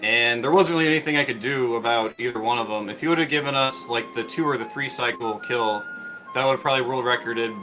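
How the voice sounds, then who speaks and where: After a speedrun, a middle-aged man chats casually in a mid-range voice at a quick pace, rambling with lots of fillers and restarts. Music plays underneath, and the recording is rough.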